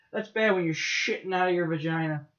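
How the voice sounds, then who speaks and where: Guy rambling through podcast plugs, kinda high voice, muffled lo-fi audio. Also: fairly bright tone. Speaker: podcast co-host. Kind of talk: casual podcast banter.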